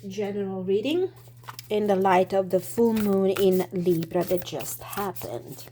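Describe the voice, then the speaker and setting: A woman giving a casual tarot reading, slightly hoarse, speaking thoughtfully with many fillers and restarts. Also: medium pitch, a little slow, warm tone, a little hiss or hum. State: slightly hoarse, clearing throat. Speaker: tarot reader.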